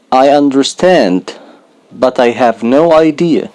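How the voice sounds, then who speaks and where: A man whose first language is Arabic, teaching English to beginners, saying each phrase slowly and then repeating it. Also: medium pitch, expressive, darkish tone, low-quality recording. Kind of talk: slow English lesson for beginners.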